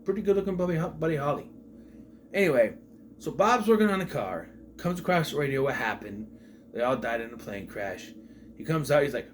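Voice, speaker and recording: A man's voice: medium pitch, animated, moderate pace, a little hiss or hum. A man giving a casual spoken film review, retelling scenes with incredulous rhetorical questions. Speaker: movie reviewer.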